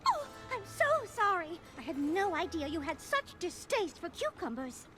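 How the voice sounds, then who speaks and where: A woman voicing a posh, dramatic, fashionable female unicorn who speaks in a refined, theatrical way with drawn-out vowels. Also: very high-pitched, very animated. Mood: genteel. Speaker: cartoon character and narrator. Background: loud cartoon music.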